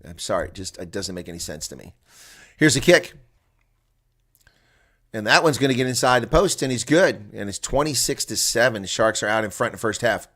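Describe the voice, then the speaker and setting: Excitable man doing live rugby reactions. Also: lowish voice, brisk. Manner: chatty and excitable, laughs at players' mistakes. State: coughing, congested throat. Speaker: rugby watch-along commentator. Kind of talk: live play-by-play reaction commentary.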